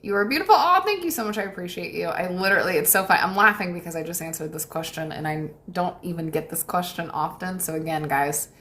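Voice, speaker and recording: A young woman with a slightly low-pitched voice hosts a relaxed livestream. She reads comments out loud and answers them in a warm, chatty way. She often thanks her viewers and laughs lightly. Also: quick pace, few pauses. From United States. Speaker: manifestation coach hosting a livestream. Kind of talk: casual livestream chat reading viewer comments.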